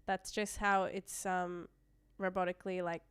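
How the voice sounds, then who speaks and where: Young aussie woman on a live trading stream, reads chat out loud, smooth clear voice, dry sound. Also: lowish voice, little pitch movement, measured pace, no room sound. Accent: Australian. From Australia. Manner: chatty, reads chat messages aloud, trails off and restarts. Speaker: livestream trading host.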